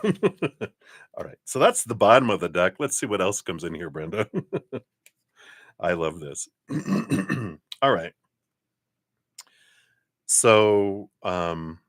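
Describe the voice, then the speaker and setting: A man giving a live tarot card reading, lively and chatty, often clearing his throat and acting out other people's lines. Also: no echo, studio quality. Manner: animated, acts out other people's lines in high voices.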